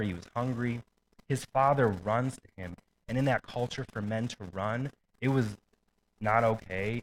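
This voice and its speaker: A man's voice: lowish voice, slight background noise, rough recording. A man preaching a sermon in a casual, conversational way, with asides and light laughter. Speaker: pastor.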